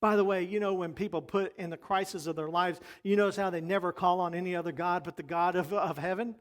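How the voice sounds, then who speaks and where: A man's voice: high-pitched, steady tone, fast talker. A man preaching a sermon as pastor, talking emphatically and repeating his points.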